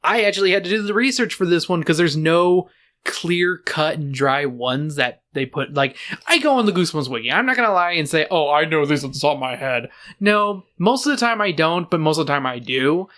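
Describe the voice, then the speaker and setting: A man's voice: on the high side, lively intonation, a little fast, pushed and bright. A man co-hosting a book podcast, talking in a loose, joking way with lots of fillers and restarts. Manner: joking, rambling, full of fillers. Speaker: podcast co-host. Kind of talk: casual chat.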